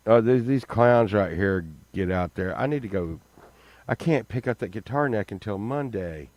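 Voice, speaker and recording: An older man doing casual reaction commentary, loudly exclaiming and swearing, then dropping to mutters. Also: low voice, no echo. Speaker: host.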